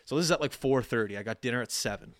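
Speaking very fast in a mid-range voice, a thirtysomething podcast co-host relates a lengthy story in a casual chat. The dry, studio-quality recording captures him animatedly acting out every side of the conversations.

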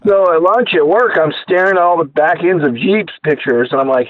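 A man telling his inventor story as a radio guest, animated and acting out the people he quotes, heard over a tinny phone line. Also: a little high, brisk, no echo. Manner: animated storyteller who acts out quoted voices. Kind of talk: casual storytelling interview.

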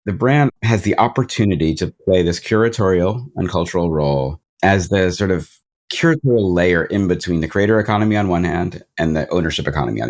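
Podcast co-host, man, low voice, thoughtful and musing. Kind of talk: interview questions.

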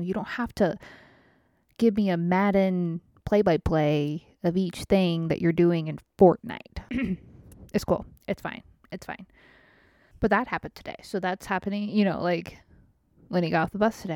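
A woman's voice: mid-range voice, moderate pace, warm tone, dry recording, clean studio sound. Frank, swearing woman podcast host. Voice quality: frank, swears freely, laughs between stories. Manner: rambling storytelling with many restarts and asides. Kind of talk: casual podcast monologue.

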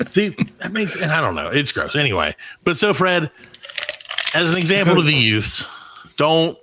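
A man's voice: on the high side, moderate pace, noisy background. A man in his forties, a podcast co-host, telling a story in casual chat and acting out the voices. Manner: animated storyteller, acts out voices.

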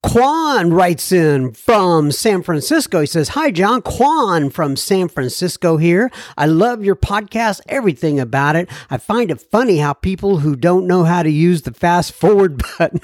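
A man's voice: high voice, lively intonation, measured pace, few pauses, no echo, studio quality. A man hosting a recovery podcast, talking casually, reading listener mail, laughing often and slipping into a joking French accent. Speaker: podcast host.

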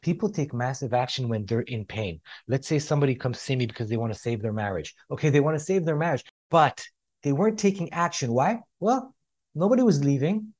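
A man speaking as a life coach on a podcast, emphatic and repetitive, slowing down to stress his key points. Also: medium pitch, expressive, darkish tone. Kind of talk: motivational podcast talk.

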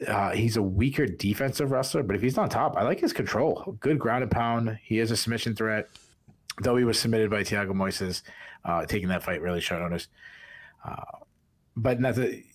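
A man's voice: fairly low pitch, normal speed. A man with a Boston accent co-hosting a podcast, giving casual fight analysis with lots of restarts and fillers. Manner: rambling, many restarts and fillers. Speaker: podcast co-host.

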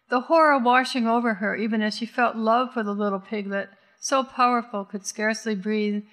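A woman narrating an audiobook in an intense, measured way, slowing down on key words. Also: on the high side, fairly even intonation, fairly bright tone. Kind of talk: scripted narration.

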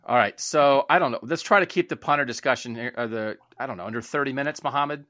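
A man's voice: mid-range voice, quick pace, sharp tone, dry recording, studio quality. A man in his twenties hosting a casual sports panel, moderating with a joking tone. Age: 20s. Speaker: panel host.

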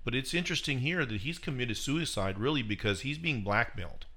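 A man's voice: medium pitch, animated, brisk, sharp tone. A man co-hosting a talk show, reflecting aloud and quoting scripture in a casual way. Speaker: podcast co-host. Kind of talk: casual chat with bible quotes.

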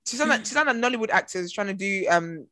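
A woman's voice: mid-range voice, expressive, quick pace, a crowd in the background. Blunt British woman podcaster. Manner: blunt, opinionated, playful asides. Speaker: podcast co-host. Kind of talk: casual chat.

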